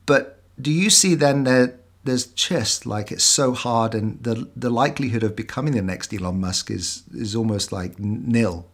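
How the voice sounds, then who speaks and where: A man's voice: medium pitch, normal speed. Man, podcast host, casual interview, chatty and upbeat. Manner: upbeat, chatty, laughs while reading aloud.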